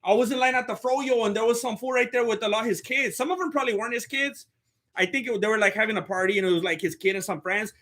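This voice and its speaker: Hosting a live stream, a young man covers a fight casually in a fast, bright, forceful, high-pitched voice. He jokes and rambles, regularly cutting himself off and restarting mid-sentence.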